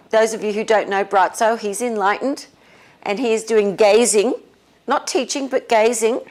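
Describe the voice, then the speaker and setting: Slow-speaking woman guiding a meditation. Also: on the high side. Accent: non-American English. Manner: slow, relaxed, with frequent laughs. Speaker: spiritual teacher leading a meditation. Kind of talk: casual talk and guided meditation.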